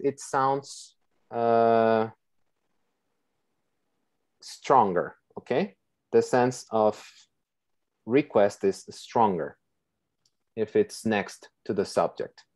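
A woman with a bass, darkish voice teaches an online English class over a video call. She speaks slowly and patiently, often checking in with her students by saying "okay."

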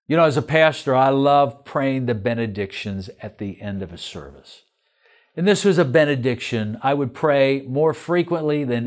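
Older man pastor, lively teaching voice. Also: medium pitch. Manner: asks many questions, earnest and expressive. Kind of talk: church teaching lesson.

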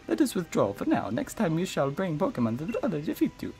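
A man's voice: on the high side, wildly swooping pitch, fairly quick, creaky, darkish tone, soft background music, pitched above the performer's own voice, full character voice. A man voicing a haughty, pompous male villain in a put-on British accent, with a theatrical, snooty delivery.

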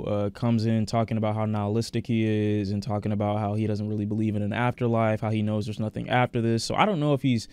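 A man casually reviewing an album, talking in an excited and blunt way, swearing freely and repeating words as he thinks aloud. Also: lowish voice, smooth, no echo. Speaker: music reviewer reacting to an album. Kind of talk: casual reaction commentary.

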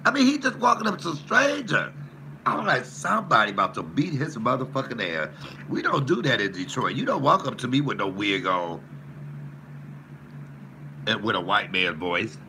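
A man, a comedian, ranting profanely with loud trash talk and mock threats while cooking. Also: mid-range voice, very animated, normal speed, pauses often, slight background noise. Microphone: camera mic in a home kitchen.

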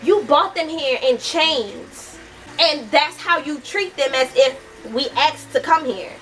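A woman's voice: high voice, slow pace, fairly bright tone, far from the mic, faint music behind, low-quality recording. A young woman from the United States giving a heated, casual book review, swearing often and talking animatedly.

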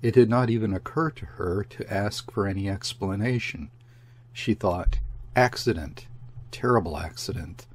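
A man narrating a classic story as an audiobook reader, in a measured, unhurried way. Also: on the low side, slight background noise. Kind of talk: scripted literary narration.

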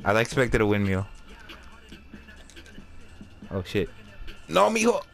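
A man giving casual, excitable commentary while playing a basketball video game, swearing and trash-talking. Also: on the low side, slow pace, vocal fry, faint music behind. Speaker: gameplay commentator.

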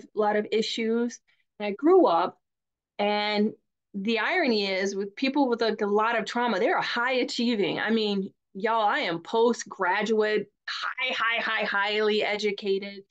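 A middle-aged woman with a Southern accent, talking candidly as a coach in a live webinar, chatty and given to repeating words. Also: mid-range voice. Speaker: divorce coach.

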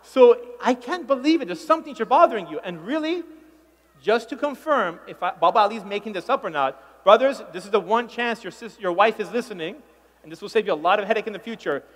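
A man's voice: sits high, expressive, a little fast, fairly bright tone. A man performing stand-up comedy before a conference audience, playful and teasing as he acts out the crowd's reactions. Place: large conference hall with a live audience. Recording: long reverb of a big hall.

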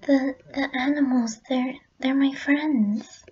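A woman voicing a shy, timid female pony in a hushed, halting whisper, on a dull lo-fi recording. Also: high voice, fairly even intonation, husky, full character voice.

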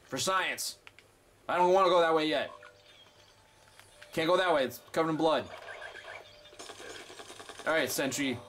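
A man casually commenting while playing a game, excitable and foul-mouthed, chatting to viewers. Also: on the high side, unhurried, pauses often, slight background noise. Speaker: gameplay streamer. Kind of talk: let's play commentary.

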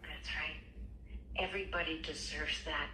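An older woman counseling someone on a call, calm and affirming as she reassures him. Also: deep voice, moderate pace. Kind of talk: supportive counseling talk. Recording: echoey, distant, faint noise.

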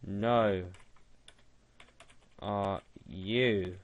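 A man's voice: lowish voice, fairly even intonation, extremely slow, muffled recording. A young man giving casual gaming commentary, mocking and laughing at a chatbot. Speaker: gaming video creator.

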